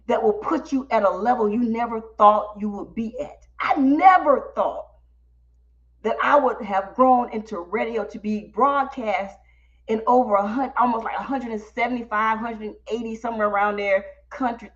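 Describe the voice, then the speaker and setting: A woman podcast host telling a story on a live stream, animated and talking straight to her audience. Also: a little high, dull audio. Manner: animated, talks directly to the audience.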